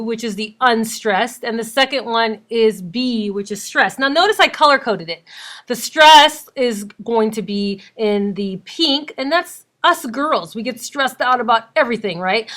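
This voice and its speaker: Slow, bright-voiced woman teacher. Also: fairly high pitch. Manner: slow, deliberate explaining with counting and emphasis. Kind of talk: recorded classroom lecture.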